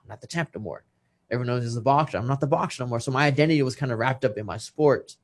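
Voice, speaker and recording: A man, a retired boxer, is a guest in a casual chat. He tells an emotional personal story with deep feeling. His voice sits at an ordinary middle pitch. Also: very fast. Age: 30s. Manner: emotional, earnest, quotes others' words.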